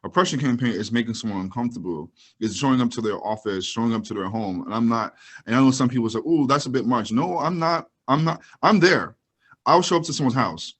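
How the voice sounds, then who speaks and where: A man's voice: mid-range voice, fast talker, a bit bright. A man guest on a political podcast, easygoing and agreeable, speaking in casual chat. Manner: easygoing, agreeable, laughs along. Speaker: activist guest.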